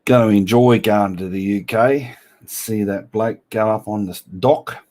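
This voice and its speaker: A man with a fairly low voice hosts a casual livestream. He chats with his viewers, reads their comments aloud and answers them with blunt, teasing banter. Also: fairly even intonation, unhurried, a little mellow. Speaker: livestream host.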